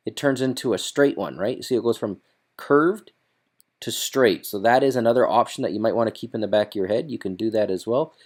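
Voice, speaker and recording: A man hosting a casual screen-recorded software tutorial, chatty and loose, thinking aloud as he works. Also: on the low side, fairly quick.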